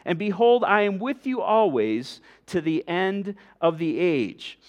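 A man preaching from the pulpit with an earnest, emphatic delivery. His voice sits high for a man, and he lets his points land with measured pauses. He sounds middle-aged. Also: animated. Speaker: pastor. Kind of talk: sermon.

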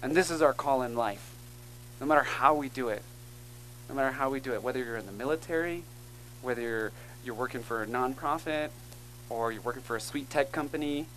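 A man's voice: medium pitch, a little fast, fairly bright tone, a little hiss or hum, rough recording. A man preaching a sermon as pastor, earnest and emphatic, calling out to the congregation between points. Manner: earnest, emphatic preaching with call-and-response asides.

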